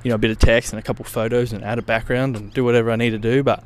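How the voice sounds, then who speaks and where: In a casual solo podcast, a young male host rambles along, swearing now and then. He speaks at a racing pace in a medium-pitched voice with little pitch movement.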